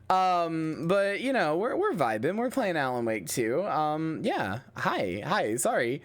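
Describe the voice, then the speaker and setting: A man's voice: on the high side, very animated, takes it slowly. Tired, rambling male streamer. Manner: rambling, stumbling restarts, playful. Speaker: livestreamer. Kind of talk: casual gameplay commentary.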